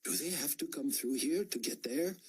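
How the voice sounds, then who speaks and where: A wary young woman murmurs her doubts quietly, put on by a man reading an audiobook. The voice is raised above his low register, with a husky grain. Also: animated, normal speed.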